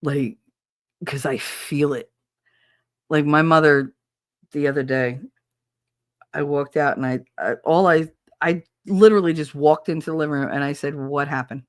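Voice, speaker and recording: A woman with a low-set voice hosts her podcast in an open, emotional monologue. She talks bluntly, swears without a second thought and keeps circling back to restart her sentences. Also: normal speed, pauses often. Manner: rambling with frequent restarts. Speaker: podcast host.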